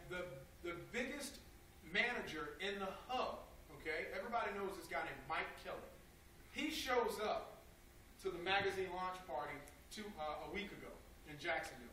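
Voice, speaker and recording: A man's voice: high-pitched, bright, forceful tone, a little hiss or hum. A man giving an emotional motivational talk to a live audience, telling stories and asking the crowd questions. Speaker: motivational speaker. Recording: echoey room, far from the mic.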